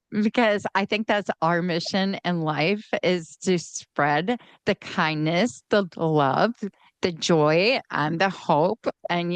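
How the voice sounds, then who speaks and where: A woman's voice: medium pitch, smooth, no echo. A woman hosting a podcast interview, upbeat and chatty, laughing often as she talks. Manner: upbeat, laughs often, speaks in loose run-on sentences. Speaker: podcast host. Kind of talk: casual interview chat.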